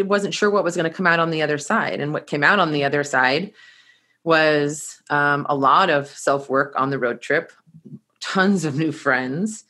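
A woman with a low, deep voice shares a personal story with an audience. She is animated and keeps laughing and restarting her sentences as she talks. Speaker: speaker telling her travel story; course teacher.

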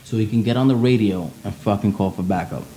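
A man in his forties, an army veteran guest telling war stories in a casual, profane, animated way. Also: on the low side, fast talker, a little hiss or hum, poor audio. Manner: profane, animated, acts out sounds and quotes.

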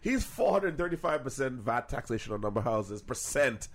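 A young man co-hosting a podcast, telling stories in a profane, animated way and putting on voices for the people he quotes. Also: mid-range voice, moderate pace. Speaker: podcast co-host. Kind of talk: casual podcast banter.

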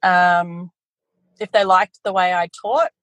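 A woman, a guest telling her business story in a casual interview, animated and quick to laugh. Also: fairly low pitch, dry recording, low-quality recording. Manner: animated storytelling, quotes family in voices, laughs often. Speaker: guest, photography educator.

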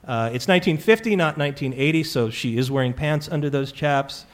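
A man's voice: a little high, a little fast. A man from California hosting a trivia show before a live audience, telling stories in a chatty, joking way with plenty of fillers. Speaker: quiz show host.

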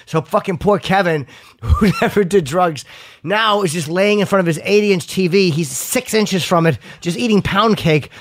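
A man's voice: sits high, moderate pace, no echo. A man co-hosting a podcast in a studio, talking in crude, joking, rambling banter. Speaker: podcast co-host. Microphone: studio mic.

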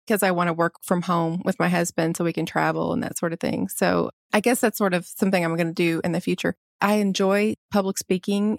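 A woman's voice: lowish voice, no echo, studio quality. A woman in her forties, a nurse guest on a podcast, talking in an earnest, chatty way and laughing easily. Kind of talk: casual podcast interview.

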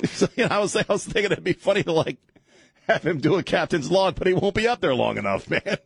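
A male talk radio host speaks into a studio broadcast mic, his pitch swinging up and down as he rambles from one joke to the next. The sound is dry and close, with no room around it. He chuckles often and keeps a loose, casual on-air manner. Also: animated, fast, vocal fry, husky, no echo.

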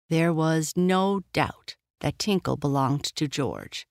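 A gentle storyteller reads a children's bedtime tale in an even, middle-pitched voice. The sound is dry and close to the mic. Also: slow, gravelly, few pauses, no room sound. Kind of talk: scripted storybook narration.

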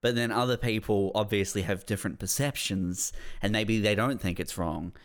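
A man's voice: lowish voice, moderate pace. A man co-hosting a comedy podcast who speaks hesitantly and reflectively, with many fillers. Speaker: podcast co-host. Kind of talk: casual comedy podcast chat.

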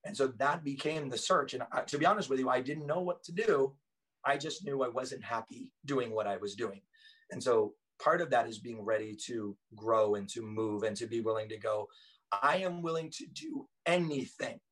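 A man's voice: mid-range voice, fairly even intonation, normal speed, fairly bright tone, distant mic, poor audio. A man, a former police officer, telling stories as a podcast guest in an earnest, emphatic way. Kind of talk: casual storytelling conversation.

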